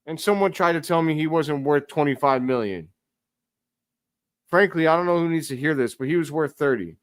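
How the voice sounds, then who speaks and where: A man hosting a live stream, giving casual play-by-play commentary as an excitable fan who talks to his chat. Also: fairly high pitch, normal speed, no echo, clean studio sound.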